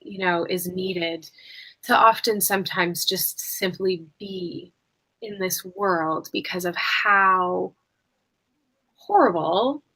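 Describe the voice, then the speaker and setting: A woman's voice: fairly low pitch, takes it slowly, bright, forceful tone, breathy edge. A woman hosting a conversational podcast, reflective and talking with many filler words. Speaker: podcast host.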